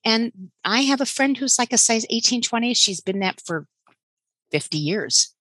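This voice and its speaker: A woman coach talking casually in an interview, halting and rambling with fillers. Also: fairly high pitch, lively intonation, bright, forceful tone, dry recording, rough recording.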